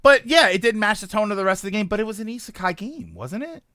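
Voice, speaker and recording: A man in his thirties talking casually on a stream, rambling and animated, reacting to chat. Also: high-pitched, fast, no room sound, studio quality.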